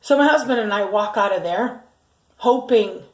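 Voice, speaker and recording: A woman's voice: mid-range voice, moderate pace, echoey room, rough recording. A middle-aged woman telling her family's story in a vlog, urgent and indignant, with many ums and restarts. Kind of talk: emotional first-person vlog.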